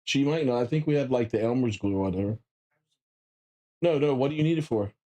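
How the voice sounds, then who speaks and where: A man in his thirties chatting casually on a live stream, animated and breaking into loud excited bursts as he retells things. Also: mid-range voice, fast talker. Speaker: gaming streamer.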